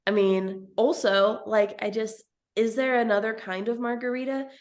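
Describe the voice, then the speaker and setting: Chatty woman podcast co-host from Texas. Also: a little high. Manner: animated, laughs often, quick asides. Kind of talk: casual chat.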